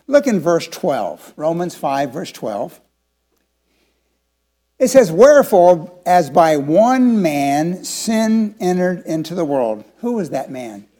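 In his seventies, a pastor preaches a sermon with a notably high-pitched voice. He poses questions to the congregation, moving between hushed, confiding moments and emphatic declarations.

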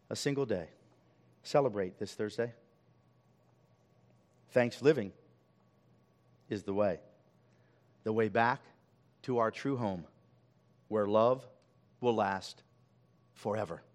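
A male pastor preaching a sermon, swelling loud on key lines and dropping to a hush. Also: lowish voice.

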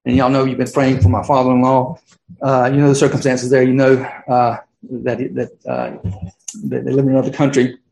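A man's voice: medium pitch, little pitch movement, brisk, gravelly, darkish tone. A middle-aged man preaching a sermon as pastor, casual and conversational, full of fillers and restarts. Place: church sanctuary. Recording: roomy church echo.

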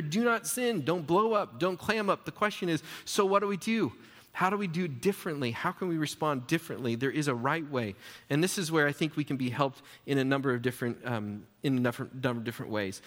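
A pastor delivers a sermon in a conversational way, firing off rhetorical questions and restarting sentences as he goes. His voice sits a little high for a man. The sound rings with the long reverb of a big church hall. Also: a bit bright.

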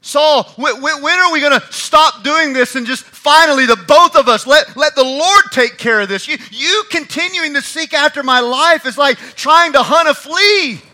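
A man's voice: sits high, expressive, normal speed, long pauses, breathy edge, voice pushed up. A man preacher voicing a young male warrior who calls out emphatically across a distance, taunting and pleading.

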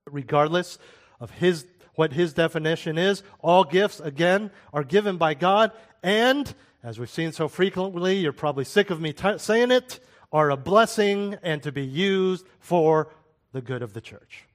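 A man's voice: a little high, unhurried. A man giving a sermon-style Bible teaching in a conversational way, with rhetorical questions and asides.

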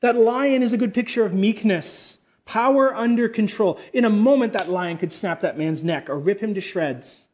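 High-voiced fervent male preacher. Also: moderate pace, few pauses. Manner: fervent, swinging between loud high exclamations and low quiet passages. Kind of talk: sermon. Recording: dull lo-fi sermon recording.

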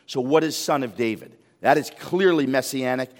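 A man preaching a sermon as a pastor, animated, firing rhetorical questions and repeating words when he gets excited. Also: medium pitch, normal speed. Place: church sanctuary. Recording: long hall reverb.

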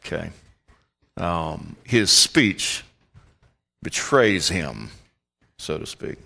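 Southern American man, pastor, lowish register, folksy sermon delivery that quizzes the pews. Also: animated, extremely slow, vocal fry, sharp tone. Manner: folksy and conversational, quizzing the congregation.

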